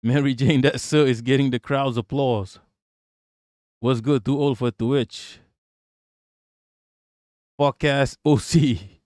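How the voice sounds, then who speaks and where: A man's voice: mid-range voice, fairly even intonation, slow, pauses often, a little mellow, no echo, clean studio sound. A man live-streaming as host, reacting to political clips in heated, profane commentary and repeating lines for emphasis.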